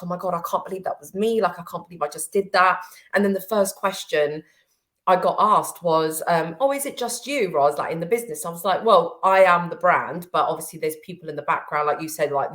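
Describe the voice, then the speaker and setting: A woman, a business-owner guest on a podcast, with a fairly low voice. She is tearful and hesitant, filling pauses with "um" and "you know" as she talks. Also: a bit bright. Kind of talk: casual conversation.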